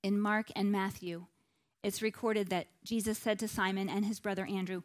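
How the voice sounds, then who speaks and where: A woman's voice: mid-range voice, little pitch movement, normal speed. A woman teaching a conversational Bible lesson, chatty and informal, often adding asides and checking in with her listeners. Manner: chatty, with many "like" and "you know" asides.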